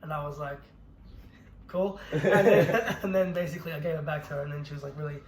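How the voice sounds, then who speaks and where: A man's voice: a little high, fairly even intonation. A young man co-hosting a podcast, telling a story in casual chat, swearing freely and laughing through it. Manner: brisk, profane, laughs through his own story. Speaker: podcast co-host. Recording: roomy echo with faint noise.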